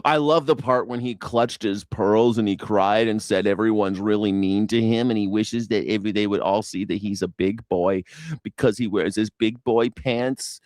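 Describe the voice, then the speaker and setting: A man's voice: on the low side, fairly even intonation, normal speed, a little mellow, dry recording. Guy hosting news reaction, sarcastic and mocking, dry close mic. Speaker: host.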